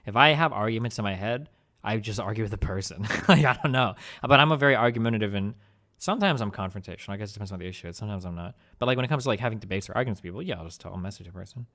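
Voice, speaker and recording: A man's voice: on the low side, racing, a bit bright. A young man streaming, talking casually and bluntly with lots of swearing and rambling fillers. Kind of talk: casual profane chat on stream.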